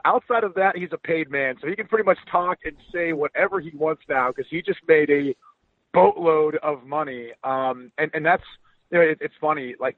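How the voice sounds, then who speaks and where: A man calls in over a thin, phone-like line. He analyzes football in a relaxed, conversational way, with filler ums. His voice is a little high and sounds dry. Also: dry recording. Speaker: guest analyst. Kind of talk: casual sports analysis. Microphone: phone call.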